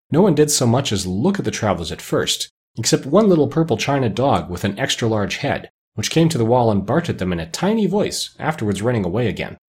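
A man narrating a children's storybook aloud, expressive and unhurried. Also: medium pitch, husky.

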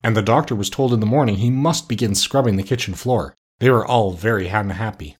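Husky male storybook narrator. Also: lowish voice. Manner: measured, expressive reading. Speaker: audiobook narrator.

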